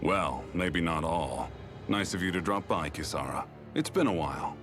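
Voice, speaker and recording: An actor playing an easygoing older brother in a game cutscene, talking in a relaxed, wry way. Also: male voice, low-pitched, moderate pace, over music. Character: easygoing grown man, calm older brother. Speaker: game character. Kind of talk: video game cutscene dialogue.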